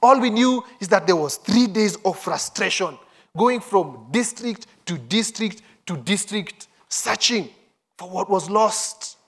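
A man's voice: sits high, lively intonation, a little slow, fairly bright tone, slightly rough. A man preaching a sermon, reading scripture and acting out the quoted voices with urgency.

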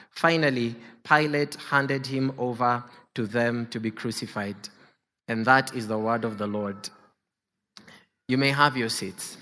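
A man's voice: medium pitch, bright, forceful tone. A male preacher reading scripture aloud and then preaching, giving the quoted speakers dramatic inflection. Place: church sanctuary. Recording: long reverb of a large hall.

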